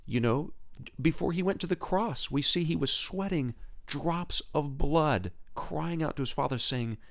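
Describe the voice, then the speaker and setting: This Christian podcast host has a gravelly voice and speaks a little slowly, earnest but casual in manner. He often repeats himself and restarts his sentences. When excitement hits, his pitch rises sharply.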